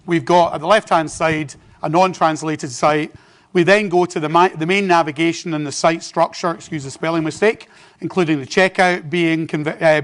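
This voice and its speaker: A man's voice: fairly high pitch, a bit bright. A British man in his forties with an English accent, giving a chatty business presentation with asides to the audience in a conference hall. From Britain. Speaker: conference speaker.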